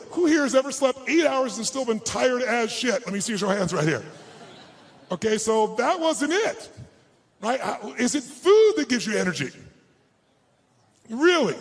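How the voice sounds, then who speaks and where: A man giving a high-energy motivational seminar to a live crowd in a large hall. He barks instructions, quizzes the audience and swears bluntly. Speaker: motivational speaker.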